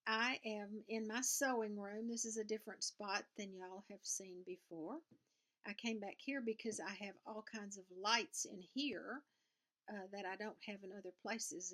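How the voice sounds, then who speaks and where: A woman's voice: mid-range voice, fairly even intonation, moderate pace, fairly bright tone. An older woman with a Southern US accent, chatting casually to camera from her sewing room in a rambling, folksy way. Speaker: cross-stitch vlogger. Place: home sewing room, indoors.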